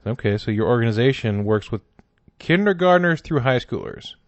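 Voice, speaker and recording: A man co-hosting a comedy podcast, chatting casually with sarcastic, animated delivery. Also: medium pitch, moderate pace, no echo. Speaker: podcast co-host.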